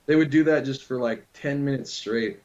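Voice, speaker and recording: A man's voice: medium pitch, normal speed, a little mellow. A man casually telling a long prank story to a friend, loose and full of swearing. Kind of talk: casual chat. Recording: dull lo-fi recording.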